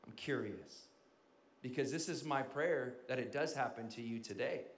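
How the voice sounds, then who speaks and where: A male pastor preaching a sermon, swinging from loud emphasis down to quiet, hushed asides. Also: mid-range voice, moderate pace, reverberant.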